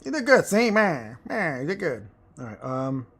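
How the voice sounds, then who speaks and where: While streaming a game, a man reads chat and talks casually with his viewers, making crude jokes and rambling between plays. His voice is on the high side and sing-song, a bit bright and slightly rough, at a normal speed.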